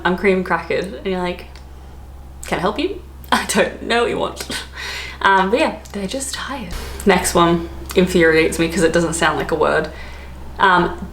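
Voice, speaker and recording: A woman's voice: lowish voice, fairly bright tone. A young Australian woman vlogging from home, chatty and playful as she explains words one by one. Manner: chatty and playful, laughing between points. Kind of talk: casual explainer vlog. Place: home during lockdown. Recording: echoey room, faint background hiss.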